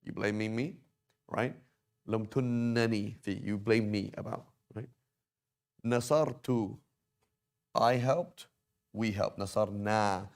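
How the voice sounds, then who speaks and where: A man with a fairly low voice teaches a classroom grammar lesson. He explains patiently and keeps checking in with his students as he writes at the board. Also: measured pace, pauses often. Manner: explains patiently, repeats and checks with "right?" and "okay?". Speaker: Arabic teacher. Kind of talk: classroom lesson on verb conjugation.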